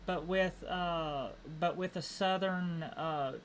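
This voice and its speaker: A woman's voice: fairly low pitch, steady tone, takes it slowly, slight background noise. A woman streamer with an Appalachian accent chatting casually while gaming, rambling, repeating words and restarting her sentences.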